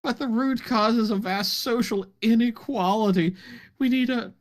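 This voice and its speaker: High-voiced man reading mock-earnestly. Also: moderate pace. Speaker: podcast co-host. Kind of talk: casual chat, reading a text aloud. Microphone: online voice call.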